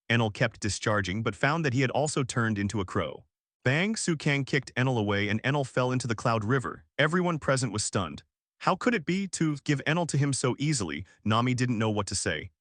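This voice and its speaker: Flat male text-to-speech narrator. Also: mid-range voice, dry recording, studio quality. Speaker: audiobook narrator. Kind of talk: machine-read novel narration.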